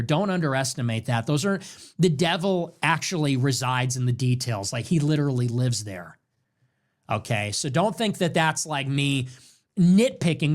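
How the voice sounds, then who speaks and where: A man hosting a political commentary show, talking in an emphatic, sarcastic and mocking way with lots of repetition. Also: a little high. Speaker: show host.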